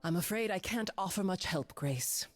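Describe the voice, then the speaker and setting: A woman voicing a weary, regal goddess mother who speaks softly and formally. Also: on the low side, animated, faint music behind. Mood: measured. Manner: soft, measured and formal.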